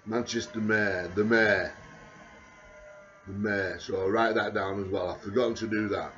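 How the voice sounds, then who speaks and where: A man, talking in a rambling video diary, halting and repetitive with many restarts, sounding anxious and panicky. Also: on the low side, fairly even intonation, fairly bright tone, muffled recording.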